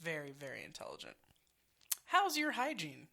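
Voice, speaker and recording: A woman's voice: low voice, wildly swooping pitch, normal speed, gravelly, bright, forceful tone. A woman co-hosting a podcast, chatting casually, reading out quiz options, laughing and swearing freely. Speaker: podcast co-host. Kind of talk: casual chat.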